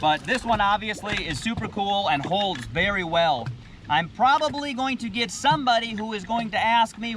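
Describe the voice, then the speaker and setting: A man's voice: sits high, lively intonation, normal speed, noisy background. A man hosting a casual, plainspoken gear review while standing in shallow water by a boat. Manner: plainspoken, easygoing, with frequent uhs. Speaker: channel host reviewing gear.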